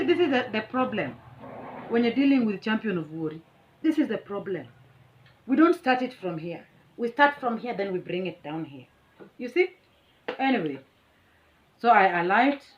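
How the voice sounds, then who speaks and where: A woman's voice: medium pitch, dull audio, a little hiss or hum. A middle-aged Kenyan woman, a teacher, vividly tells a story to a phone camera at home. She is boastful and dramatic and laughs often. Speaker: vlogger and teacher. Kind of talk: animated storytelling.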